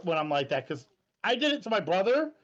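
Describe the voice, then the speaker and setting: A man co-hosting a podcast, talking in an earnest, measured way in casual chat. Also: high-pitched, sing-song. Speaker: podcast co-host. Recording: dull lo-fi mic.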